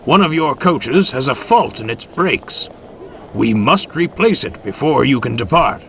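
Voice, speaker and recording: A man voicing a stern, dignified older male railway manager who speaks in a measured way. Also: mid-range voice, animated, creaky, a bit bright, a little hiss or hum, voice pushed up.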